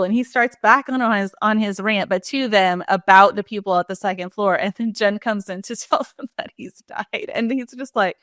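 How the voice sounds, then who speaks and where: A woman co-hosting a podcast, retelling scenes in casual chat and jumping up in pitch when she acts out quoted lines. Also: brisk, few pauses, a bit bright, no room sound, studio quality. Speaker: podcast co-host.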